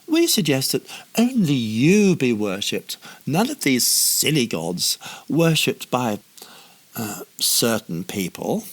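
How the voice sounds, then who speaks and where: A man voicing oily, haughty male royal administrators who grovel in a strained, high voice. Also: huge pitch swings, slow pace, heavily acted. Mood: grovelling. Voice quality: slimy, fawning, high and strained.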